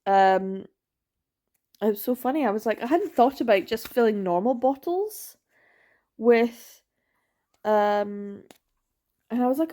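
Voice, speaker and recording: A woman's voice: fairly high pitch, unhurried, pauses often, warm tone. A young woman vlogging about her reading in casual chat, rambling and chatty, with many fillers and giggles.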